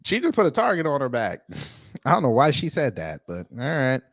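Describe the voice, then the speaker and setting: A man's voice: medium pitch, wildly swooping pitch, normal speed, creaky. A man hosting a casual reaction commentary, talking bluntly with exclamations and repeated phrases. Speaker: host commenting on a court hearing.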